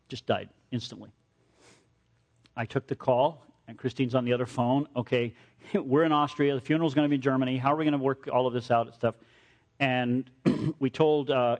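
A man's voice: mid-range voice, muffled recording. A middle-aged man, a pastor, preaching a sermon with personal stories, acting out quotes and using dry humor.

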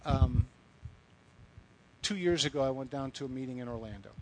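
A man's voice: medium pitch, moderate pace, poor audio. A middle-aged man giving a sermon, telling stories in a conversational way with blunt asides. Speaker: speaker addressing young women. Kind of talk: sermon with storytelling.

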